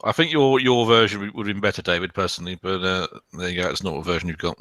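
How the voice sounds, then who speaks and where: A man's voice: deep voice, fast, a bit bright, dry recording. A man co-hosting a casual watchalong commentary, explaining the game rules. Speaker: co-host.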